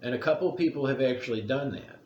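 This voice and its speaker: A man's voice: medium pitch, fast, darkish tone, dull audio. Middle-aged man, blunt profane rant, rambling, roomy echo, faint background noise. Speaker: commentary vlogger. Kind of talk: casual opinion rant. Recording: echoey room.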